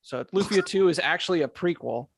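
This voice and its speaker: A man's voice: high-pitched, animated, brisk, creaky, breathy edge, no room sound, clean studio sound. A man hosting a podcast, chatting casually in a rambling, emphatic way, swearing and tripping over words. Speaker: podcast host. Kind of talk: casual chat.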